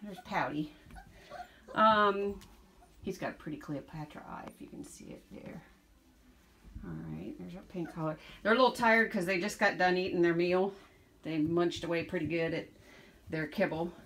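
A woman's voice: lowish voice, moderate pace, long pauses, fairly bright tone. A woman dog breeder chatting casually while showing her puppies, slipping into baby talk with them. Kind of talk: casual vlog narration. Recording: background noise.

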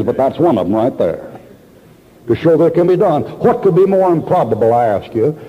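A man's voice: on the high side, slightly rough. A male preacher, telling folksy anecdotes in an emphatic sermon full of repetition. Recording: dull old sermon tape in a reverberant hall.

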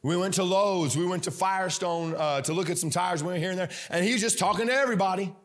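A man's voice: high-pitched, fast. A man preaching a sermon in a church, telling stories with lots of energy, fillers and repeated phrases. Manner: energetic, animated storytelling with many fillers and repetition. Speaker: pastor. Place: church sanctuary.

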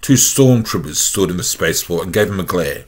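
A man with an Australian accent reading a fan-written space story aloud as narrator, in a plain, steady way. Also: sits low, a little fast, breathy edge.

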